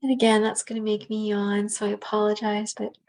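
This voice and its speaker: A woman teaching a guided self-massage relaxation, speaking gently and unhurriedly with soft pauses and fillers. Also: medium pitch, monotone.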